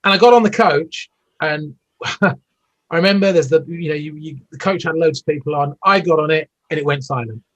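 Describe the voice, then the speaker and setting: A British man in his fifties tells long stories as an interview guest, rambling with many fillers and restarts. His voice sits a bit high for a man. He comes through a dull, lo-fi video-call line. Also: moderate pace, fairly bright tone. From United Kingdom. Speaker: interview guest, former Olympic athlete. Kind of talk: casual storytelling interview.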